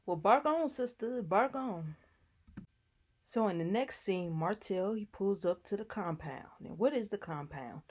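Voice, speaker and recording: A woman's voice: on the low side, expressive, a little slow, a little mellow, husky. A woman casually recapping a TV episode in a chatty, sassy way, talking back to the people on the show. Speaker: TV recap vlogger.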